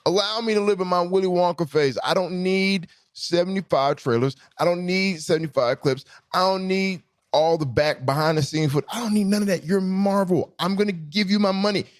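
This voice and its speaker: A man hosting his podcast, riffing in an animated, profane, emphatic way in casual chat. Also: high voice, moderate pace, few pauses. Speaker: podcast host.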